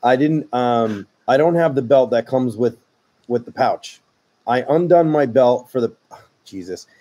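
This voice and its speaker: A dry, deadpan man hosting a podcast, reading out submitted stories in a plain, middle-pitched voice. His video call has a faint hiss behind it. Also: a little slow. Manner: dry, deadpan, flat refusals. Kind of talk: casual chat.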